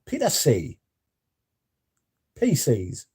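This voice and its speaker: A man's voice: medium pitch, huge pitch swings, very slow, a little mellow, breathy edge. A man hosting a casual livestream, reading out chat messages and swearing freely. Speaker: livestream host.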